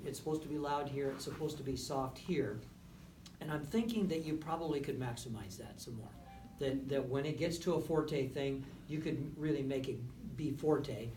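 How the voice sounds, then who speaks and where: A man's voice: a little high, darkish tone. A man coaching a brass ensemble in a rehearsal room, encouraging and checking in with "right?" and "okay?" after almost every point. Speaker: music clinician. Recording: roomy, from a distance, faint background noise.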